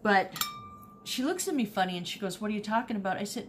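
Expressive and fast, this woman's mid-range voice carries over slight background noise. She's an online reseller showing off thrift finds in a casual haul video, chatting animatedly and often repeating herself as she tells a story.

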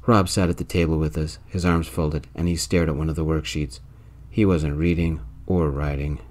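A man softly narrating a first-person story in a calm, soft-spoken whispered role-play. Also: very deep voice, moderate pace.

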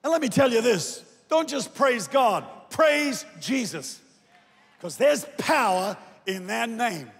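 A man preaching in a big church hall, his high, gravelly voice ringing with long reverb. He moves between quiet, storytelling moments and forceful, shouted calls to the congregation. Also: sing-song, slow pace. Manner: swings from soft sung phrases to loud shouted exhortation. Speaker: guest preacher. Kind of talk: sermon. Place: large church auditorium.

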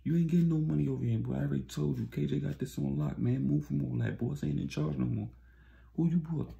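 A man doing a loud, taunting young street dealer, raised high and gravelly. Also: quick pace, highs cut off. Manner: loud, cursing, mocking threats.

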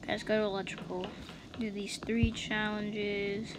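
A woman giving casual gameplay commentary, chatting and reacting out loud to each round as the channel's host. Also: mid-range voice, little pitch movement, normal speed. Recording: noisy home recording.

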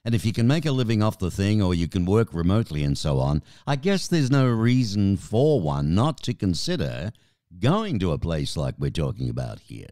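A man's voice: deep voice, very animated, normal speed, mellow, dry recording, studio quality. A man hosting a podcast interview, chatty and joking. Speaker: podcast host. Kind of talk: casual interview.

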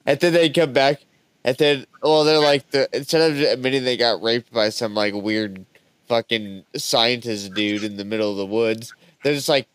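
Smooth-voiced joking man, dry sound. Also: mid-range voice, fairly even intonation, moderate pace, a bit bright, no room sound. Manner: joking, does silly voices. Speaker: podcast co-host. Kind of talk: casual banter.

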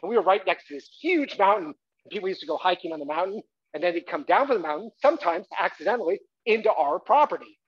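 A husky, high-pitched man speaks at a quick pace as he performs a comic monologue from his own life on a theatre stage. Playful and animated, he draws the audience in and erupts into loud shouts, all caught in a dull, lo-fi live recording.

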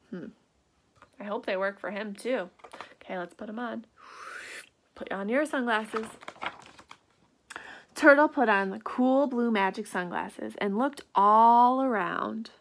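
A woman reading a children's picture book aloud, gasping and dropping into soft whispered asides and asking her young listeners questions. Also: a little high, slow, pauses often, slight background noise.

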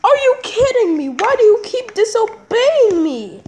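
A performer voicing a stern, angry dad who lectures slowly and threatens in a homemade puppet movie. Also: sing-song, darkish tone, slight background noise, exaggerated voice. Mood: scolding. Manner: booming, threatening, slow lecturing.

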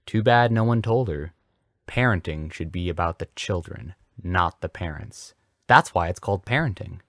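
A man's voice: animated, normal speed, no room sound, studio quality. A man voicing a genial male Southern preacher who runs a school, with a folksy Southern accent. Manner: warm, booming, folksy.

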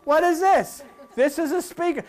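An older man preaching a sermon to a congregation in a folksy, joking way, swinging between loud asides and low murmurs. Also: moderate pace.

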